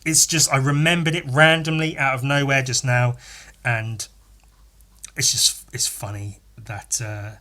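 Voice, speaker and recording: A man's voice: medium pitch, little pitch movement, unhurried, sharp tone. A man hosting a podcast in a casual, profane, rambling rant, exasperated and often laughing. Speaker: podcast host. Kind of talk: casual ranting monologue.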